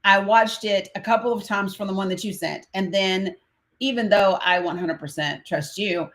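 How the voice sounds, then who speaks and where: A woman's voice: mid-range voice, moderate pace. An American woman hosting a livestream panel, talking casually and growing impassioned and profane as she rises into outrage. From United States. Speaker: livestream host.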